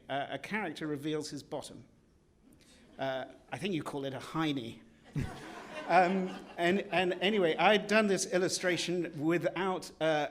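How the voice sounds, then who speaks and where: Animated English man with a higher voice. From England. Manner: self-deprecating, animated, laughing, excitable. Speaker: illustrator. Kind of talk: conversational book talk. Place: event hall with an audience.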